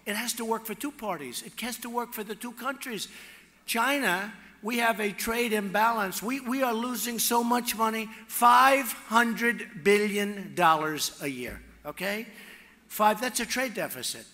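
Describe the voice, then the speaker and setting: A man speaks at a podium in a large rally hall, his high, piercing voice ringing out with a long reverb. He rambles boastfully and repeats himself, now shouting, now dropping to a hush. The sound is bright and sharp. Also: unhurried. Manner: repetitive, boastful, off-the-cuff; swings from loud shouting to hushed asides. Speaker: political candidate at a rally. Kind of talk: campaign rally speech. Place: large rally venue with crowd.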